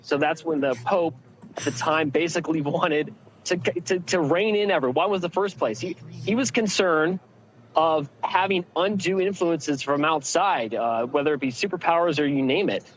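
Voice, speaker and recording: Man, field reporter, fairly high voice, halting with many fillers, faint crowd murmur behind. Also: slight background noise, low-quality recording. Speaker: field correspondent. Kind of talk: live on-location report. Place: outdoors in a packed crowd.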